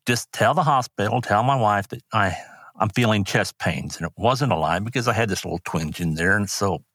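A man's voice: fairly low pitch, brisk, a bit bright, husky, no echo, clean studio sound. An older man, a rodeo announcer, earnestly telling personal stories in an interview with many restarts. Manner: earnest, rambling anecdotes with restarts.

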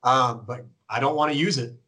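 Relaxed male guest explaining dog training. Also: medium pitch, normal speed. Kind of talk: casual conversation.

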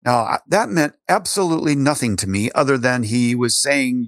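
An older man telling his story as an interview guest, animated, with frequent restarts. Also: medium pitch, moderate pace, few pauses, no room sound, clean studio sound.

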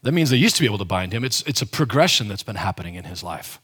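A man's voice: fairly low pitch, sing-song, rapid-fire, a bit bright, slightly rough. A man pastor giving a conversational, emphatic sermon, often restarting his sentences as he explains a Bible passage.

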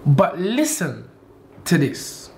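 A man, a boxing trainer and manager talking in a casual interview, animated and quick to laugh, repeating himself for emphasis. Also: fairly high pitch, gravelly, slight background noise. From England.

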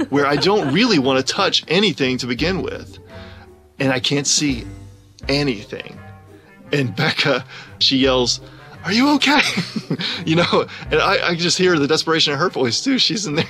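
A man telling a personal story in an animated way, often laughing as he talks. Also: mid-range voice.

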